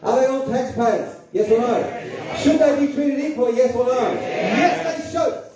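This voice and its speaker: A man's voice: very high voice, normal speed, crowd noise. A man with a New Zealand accent giving a political seminar speech, emphatic and firing rhetorical questions at the audience. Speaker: public speaker. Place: public hall. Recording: very echoey hall, voice from far off.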